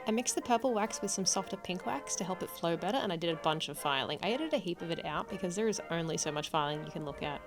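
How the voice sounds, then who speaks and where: An Australian woman chatting casually to camera in a vlog from her home jewellery studio, rambling and self-deprecating. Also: medium pitch. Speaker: jewellery maker and vlogger.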